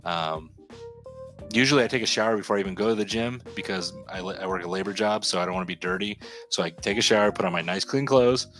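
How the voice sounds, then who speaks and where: Male podcast co-host, low voice, emphatic rambler, casual, faint music bed. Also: fast talker, fairly bright tone. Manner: rambling, emphatic, self-repeating. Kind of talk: casual chat. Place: home studio.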